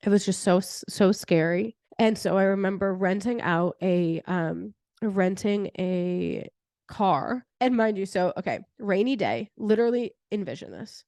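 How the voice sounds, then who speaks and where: A young adult woman hosting a podcast, telling a personal story in a chatty, animated way with many "like" fillers. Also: medium pitch, a little slow, no room sound, studio quality. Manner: chatty, heavy use of "like" fillers; animated retelling with laughter. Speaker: podcast host.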